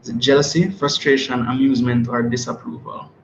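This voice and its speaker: Male teacher, mid-pitched, running an online exam review over a computer mic; echoey room with dull, slightly muffled sound. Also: level tone, brisk, a little hiss or hum. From Jamaica. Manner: checks chat for answers, reads multiple-choice questions aloud.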